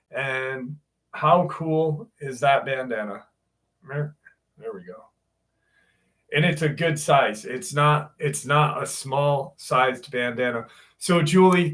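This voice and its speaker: A man hosts a casual live stream, taking his time as he greets viewers one by one. His voice sits a little high for a man, and he speaks slowly in an easygoing, unhurried way. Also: fairly bright tone. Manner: laid-back, greets viewers one by one by name.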